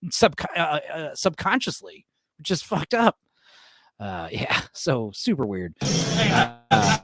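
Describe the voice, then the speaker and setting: A man's voice: a little high, fairly bright tone, no echo, studio quality. A man in his late thirties from Texas, chatting loosely on his own stream with swearing, chuckles and frequent restarts. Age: late 30s. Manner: loose, profane, chuckling, lots of fillers and restarts. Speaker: streamer host. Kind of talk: casual rambling stream chat.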